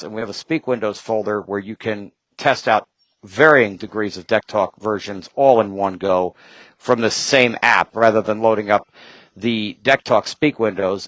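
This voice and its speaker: A man talking as a guest in casual chat, rambling from point to point with quick asides and jokes. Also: lowish voice, a bit bright, no echo, poor audio.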